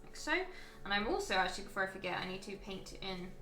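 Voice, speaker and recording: A woman's voice: mid-range voice, animated, quick pace, bright, forceful tone, roomy sound, faint music behind. A woman chatting casually and thinking aloud as she walks viewers through a live painting stream. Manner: chatty, thinking aloud while working, frequent ums.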